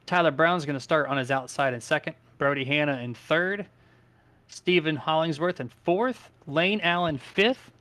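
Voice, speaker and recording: A man commentating a simulated truck race, calling lap times and reading the starting lineup in brisk play-by-play. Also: fairly high pitch, fairly bright tone. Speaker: sim racing commentator.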